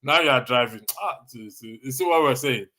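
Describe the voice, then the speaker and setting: Man, Nigerian accent, livestream host, bright tense voice, teasing, chuckles a lot. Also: mid-range voice, brisk. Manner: chuckles often, teasing and animated. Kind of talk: casual livestream commentary answering chat comments.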